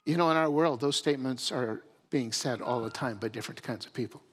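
A pastor preaching conversationally, often restarting and repeating words as he builds a point. The voice sits at a middle pitch and rings with a long reverb from a large hall or church. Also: fairly quick, husky. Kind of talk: sermon.

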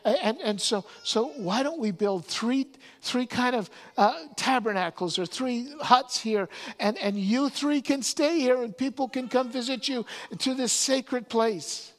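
A man preaching, voicing an excited, impulsive male disciple who blurts out his plans in a rush. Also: very high-pitched, long reverb tail, pitched above the performer's own voice. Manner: eager, rushed, blurting out plans.

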